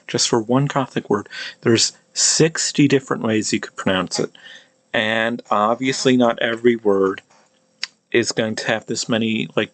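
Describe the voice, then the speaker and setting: A man casually explaining pronunciation, thinking aloud with many halting restarts. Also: mid-range voice, a bit bright. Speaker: language hobbyist explaining pronunciation.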